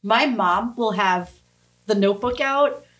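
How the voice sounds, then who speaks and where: A woman's voice: medium pitch, measured pace, a bit bright. A middle-aged woman, a comedian guest, chatting casually and telling upbeat stories with asides. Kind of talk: casual interview chat.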